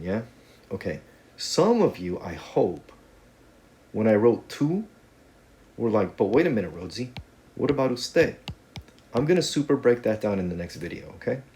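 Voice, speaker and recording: A man's voice: on the low side, darkish tone. A man teaching a casual video lesson on Spanish grammar, talking in a conversational, joking way with playful asides.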